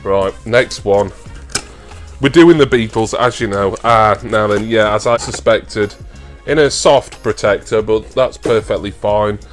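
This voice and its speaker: A man's voice: on the low side, unhurried, faint music behind. A man with a British accent chatting through an unboxing for his collector vlog, talkative and easily moved. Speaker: toy collector vlogger.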